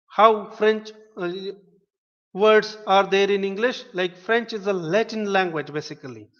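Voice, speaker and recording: Male webinar lecturer, high voice, patient step-by-step explainer who spells words aloud; reverberant hall sound. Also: fairly bright tone. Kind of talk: online linguistics lecture. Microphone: webinar stream. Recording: dull lo-fi audio with long reverb.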